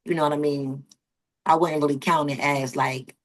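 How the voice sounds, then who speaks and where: A woman from Wilmington, Delaware, with a Delaware accent, telling animated, slangy stories as a podcast guest. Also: sits low, moderate pace. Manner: animated storytelling, slangy, rising emphasis. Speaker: guest, model and confidence coach. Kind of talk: casual interview chat.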